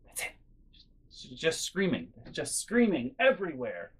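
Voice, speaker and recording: Animated man telling a story. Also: on the high side, measured pace, husky. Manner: animated, exasperated, chatty. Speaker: host. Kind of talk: storytelling vlog.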